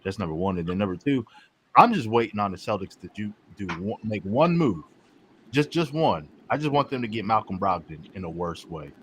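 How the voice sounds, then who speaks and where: A man co-hosting a casual sports chat, stammering and laying out his points one by one. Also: lowish voice. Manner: repeats words, lists points by number. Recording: faint background noise.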